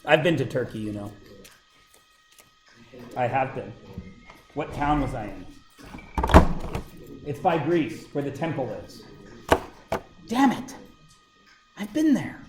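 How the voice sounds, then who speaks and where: Animated joking male teacher, echoey room. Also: medium pitch, slow pace, long pauses, music in the background. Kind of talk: casual classroom talk with anecdotes. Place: classroom.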